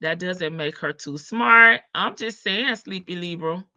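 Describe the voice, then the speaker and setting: A woman's voice: on the low side, unhurried, sharp tone, no echo, poor audio. Sassy woman hosting a livestream, laughing. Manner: sassy, laughing, talks to chat. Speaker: livestream host. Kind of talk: casual commentary livestream.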